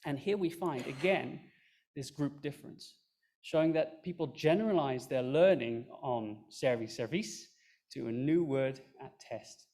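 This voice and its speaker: A man's voice: medium pitch, a little slow, warm tone. A man presenting an academic research talk, explaining his method step by step with fillers and small self-corrections. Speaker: conference speaker.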